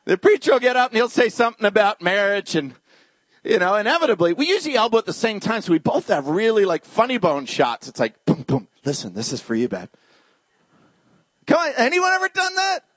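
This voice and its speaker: High-pitched guy preaching, super animated and jokey, bouncing all over, dry sound. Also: fast, no room sound. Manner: humorous, animated, talks to the congregation. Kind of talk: lively storytelling sermon.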